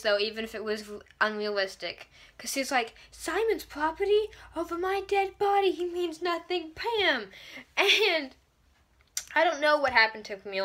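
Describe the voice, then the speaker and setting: A young woman gives a casual fan review of a TV episode, gushing and rambling with quick asides. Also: a little high, bright, forceful tone.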